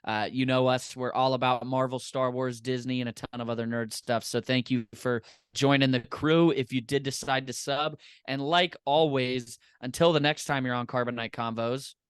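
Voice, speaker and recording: A man's voice: mid-range voice, fairly even intonation, moderate pace, few pauses, clear, resonant tone, dry recording, studio quality. A man co-hosting a podcast in casual chat, enthusiastic and rambling. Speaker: podcast co-host.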